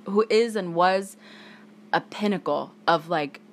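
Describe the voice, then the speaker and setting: Speaking slowly in a lowish voice, this solo podcast host sounds tired but angry. She swears heavily and hammers her points home with emphasis.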